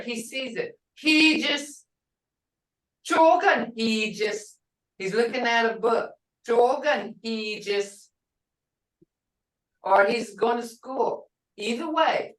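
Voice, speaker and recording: Woman language teacher, slow, lively pitch, roomy classroom audio from a distance. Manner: drills words aloud, asks short or long. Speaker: language instructor.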